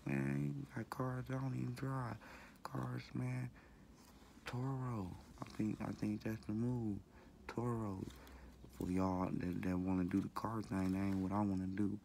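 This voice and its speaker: A deep, gravelly-voiced man rambles on in a loose, slangy, repetitive way, cussing now and then. He talks casually to his viewers with a low, rough tone. Faint background noise sits under his voice. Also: little pitch movement, unhurried, darkish tone. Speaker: vlogger. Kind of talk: casual talk to camera.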